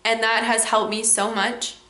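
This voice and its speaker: A woman's voice: fairly high pitch, level tone, a little slow, sharp tone. Emotional young woman in an echoey room. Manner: candid, emotional, with frequent "like" and "um". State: on the verge of tears. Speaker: vlogger. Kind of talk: personal reflection vlog.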